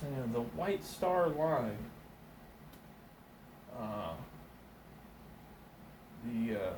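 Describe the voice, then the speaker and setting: A man with a middle-pitched voice tells a wandering comic story, stalling on fillers and circling back on himself. He sounds a little distant from the mic, in a reverberant room. Steady noise runs underneath him throughout. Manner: meandering, many fillers and restarts, acts out quoted voices. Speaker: stand-up comedian.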